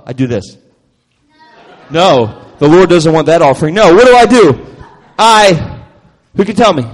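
A man giving a playful, call-and-response children's sermon at a church youth night, teasing and animated. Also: very high voice. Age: adult. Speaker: children's minister. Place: church youth event hall. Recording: echoey hall reverb.

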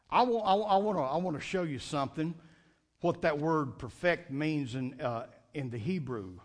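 A man's voice: on the high side, moderate pace. A man preaching a fervent Sunday night sermon, repeating and restarting phrases as he builds his points.

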